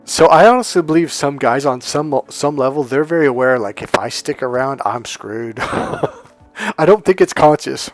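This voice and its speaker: A man talking casually as a dating coach, telling a story with lively asides and quoted voices. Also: medium pitch, moderate pace, no echo, soft background music. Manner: animated, mimics voices in quoted dialogue, laughs often.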